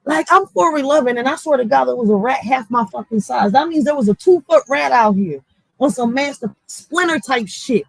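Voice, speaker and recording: High-pitched, blunt Philadelphia woman ranting. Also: animated, moderate pace, creaky, no echo, poor audio. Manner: blunt, profane, fired-up street talk. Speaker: block captain and vlogger. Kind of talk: casual ranting vlog.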